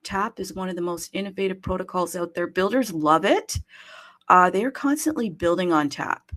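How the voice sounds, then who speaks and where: A woman with a fairly low voice hosts a live online audio chat. She talks casually and playfully, tossing out jokey greetings to listeners. Her delivery is lively and full of little fillers. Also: normal speed. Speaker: host of a live audio space.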